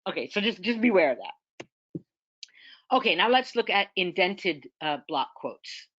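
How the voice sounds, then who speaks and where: A woman's voice: on the low side, expressive, measured pace, fairly bright tone, dry recording, highs cut off. A woman giving an academic seminar lecture in a conversational way, often checking in with her listeners. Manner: conversational, checks in with "okay?" and "right?".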